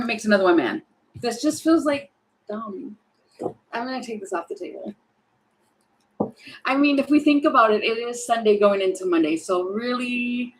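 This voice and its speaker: A woman talking her way through a live tarot reading, chatty and thinking aloud, exasperated at times and slipping into quick acted-out voices. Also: on the high side, a little hiss or hum, low-quality recording. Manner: exasperated about the energy. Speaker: tarot reader.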